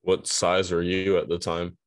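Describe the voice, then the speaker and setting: A man's voice: deep voice, monotone, a little slow, dry recording. A man co-hosting a casual podcast chat who laughs along and adds short replies. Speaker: podcast co-host.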